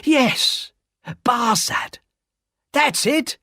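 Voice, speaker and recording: A man's voice: very high voice, extremely slow, creaky, sharp tone, no echo, clean studio sound, voice pushed up, heavily acted. A woman voicing a blunt, suspicious working-class man who questions emphatically in a read-aloud story. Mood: triumphant.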